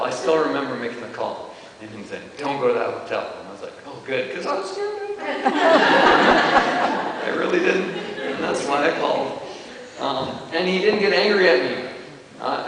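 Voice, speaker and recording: Preacher far off in an echoey church. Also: male voice, mid-range voice, a bit bright. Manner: conversational, with many fillers and self-corrections. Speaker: pastor. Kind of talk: sermon. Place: church hall. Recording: distant, echoey church hall with hiss.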